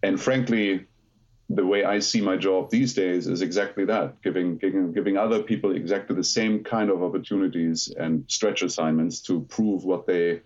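A middle-aged man speaks English with a German accent, a fairly low voice carrying his guest stories. He talks in a lively way, with dry self-deprecating jokes. The audio comes across dull and lo-fi. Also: normal speed. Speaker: podcast guest, aerospace lawyer. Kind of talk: conversational podcast interview.

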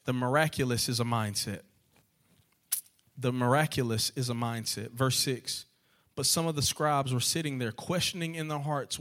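A man preaching a sermon, asking rhetorical questions again and again and building to loud, repeated calls. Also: mid-range voice, steady tone, brisk. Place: church sanctuary.

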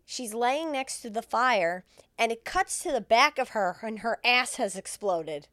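A woman's voice: a little high, animated, measured pace, fairly bright tone, no echo. Laughing woman recapping a film, crude. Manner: crude, laughing, acts out characters' lines. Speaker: podcast co-host recapping a film. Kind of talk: casual comedic chat.

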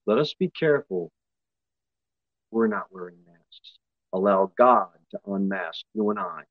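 A male pastor preaching a sermon, his voice jumping high and loud for emphasis before dropping back low. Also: expressive, measured pace, no room sound, narrow, tinny audio. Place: church.

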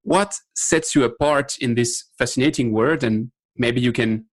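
A man's voice: medium pitch, unhurried. A man with a French accent hosting a podcast, introducing and interviewing a guest in a friendly way. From France. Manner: friendly, slight repetitions. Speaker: podcast host.

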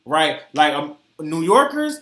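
A man's voice: a little high, very animated, slow pace, a bit bright, reverberant. A man with a Detroit accent tinged by a Southern twang, co-hosting a casual adult chat podcast, joking and slangy. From born in Florida, raised in Detroit. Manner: laid-back, joking, slangy, often laughing. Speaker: podcast co-host.

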